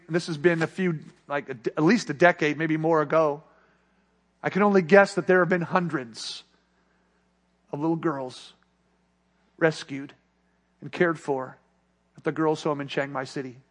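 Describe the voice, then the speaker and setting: A man with a slightly high voice preaches a sermon built around a story, speaking earnestly. His voice climbs as the tension builds, then drops to a hush when he reaches the lesson.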